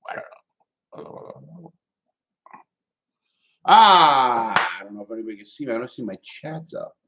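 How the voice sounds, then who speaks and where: A man hosts a casual live stream, reading viewer chats aloud and talking loosely, swearing and repeating words in quick bursts. His voice is medium-pitched with big pitch swings, and there's background noise.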